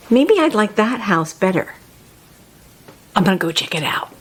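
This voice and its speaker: A woman's voice: medium pitch, very animated, moderate pace, pauses often, a little hiss or hum. A woman hosting a casual book talk who chats loosely, often laughs and breaks off mid-sentence. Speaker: host. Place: home studio.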